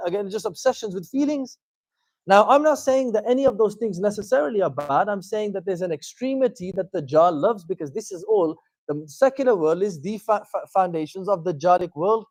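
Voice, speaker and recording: High-voiced man giving a lively religious talk. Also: a little fast, dry recording. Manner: animated, conversational, many fillers and asides. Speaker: Islamic teacher giving a talk. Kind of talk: informal religious lecture.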